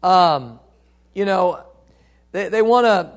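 A pastor delivering a sermon in an earnest, plain-spoken way. His voice sits high for a man, and he circles back on his points, repeating phrases and restarting often. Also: measured pace, long pauses. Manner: earnest, repetitive, many restarts and fillers.

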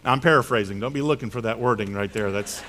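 A male pastor preaching a sermon, telling a Bible story in a lively way and acting out the characters' voices. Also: medium pitch, fast. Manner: animated storytelling with acted-out voices.

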